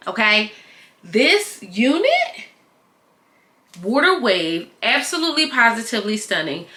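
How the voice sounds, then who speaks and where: A grown woman vlogger reviewing a wig in casual, slangy chat, playful and animated as she talks straight to her viewers. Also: medium pitch. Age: adult, not young. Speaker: beauty vlogger reviewing wigs. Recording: echoey room.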